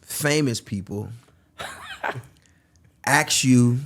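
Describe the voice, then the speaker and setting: A man's voice: medium pitch, wildly swooping pitch, extremely slow, slight background noise. A man co-hosting a podcast, joking and teasing with frequent laughter. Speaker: podcast co-host. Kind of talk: casual podcast chat.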